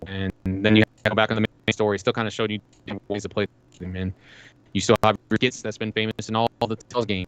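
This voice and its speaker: A man's voice: lowish voice, little pitch movement, quick pace, clear, resonant tone, dry recording. A man co-hosting a podcast, rambling casually about video games and acting out lines from them with plenty of swearing. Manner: rambling, retells game scenes with quoted lines and swearing. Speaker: podcast co-host. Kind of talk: casual gaming chat.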